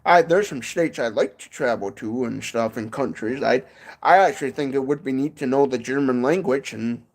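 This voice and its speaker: Michigan guy rambling on a livestream, keeps saying and stuff, mid-pitched voice, outdoors on his porch. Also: moderate pace. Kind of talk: casual livestream chat.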